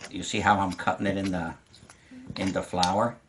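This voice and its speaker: Older guy, kinda low voice, walking a kid through a recipe in the kitchen, patient and encouraging, dishes clinking faintly. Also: flat delivery, normal speed, fairly bright tone, a little hiss or hum. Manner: patient, encouraging, step-by-step instruction. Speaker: home cook teaching a grandchild. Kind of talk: casual cooking lesson. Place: home kitchen.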